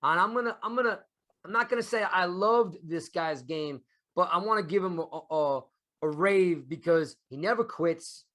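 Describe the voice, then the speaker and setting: A man's voice: sits high, moderate pace, a bit bright. A man hosting a casual sports podcast, talking in a rambling way with many restarts. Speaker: podcast host.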